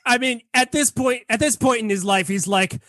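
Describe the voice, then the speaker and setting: A man's voice: very high voice, normal speed, sharp tone, dry recording, studio quality. A man on a podcast, discussing a film in a casual, hesitant chat full of restarts. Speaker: podcast co-host.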